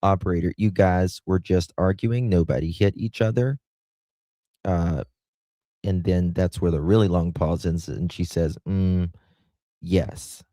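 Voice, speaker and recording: A man's voice: low voice, fairly even intonation, a little slow, mellow, dry recording. A man hosting a true crime show, reading a news article aloud with frequent fillers, restarts and spelled-out words, adding his own comments. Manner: spells out sensitive words letter by letter.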